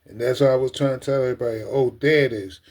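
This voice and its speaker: A man with a medium-pitched voice talks fast while hosting a casual livestream. Earnest and emotional, he often repeats himself and calls his viewers ladies and gentlemen.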